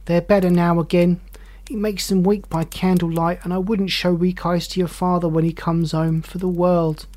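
The narrator gives voice to a gentle grieving mother in a storybook reading. She speaks softly and tenderly. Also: mid-range voice, little pitch movement, moderate pace, hardly any pauses, lightly acted. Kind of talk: audiobook character voice.

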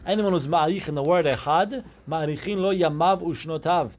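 A man leading a Talmud class, his voice sitting a touch high for a man. He works through the text step by step, dropping Hebrew terms into his English as he explains. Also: fairly quick. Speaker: Talmud teacher.

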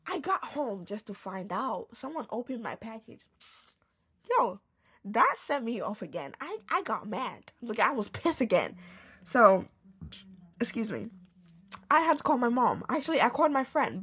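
A woman's voice: medium pitch, a bit bright, husky. A young woman hosting a podcast, telling a casual storytime rant with slang and swearing. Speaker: podcast host.

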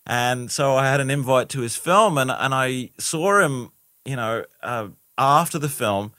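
A man talks loosely as a guest, circling back with restarts and "you know" fillers. His voice sits at an ordinary middle pitch. The recording is close and dry, with no room sound. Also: a little slow, bright, forceful tone, no room sound. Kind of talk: casual interview chat.

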